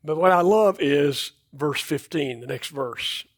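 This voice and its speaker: A man's voice: fairly high pitch, unhurried, no echo, clean studio sound. A man preaching a sermon in a church, talking in a loose, conversational way and often repeating and restarting words. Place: church auditorium.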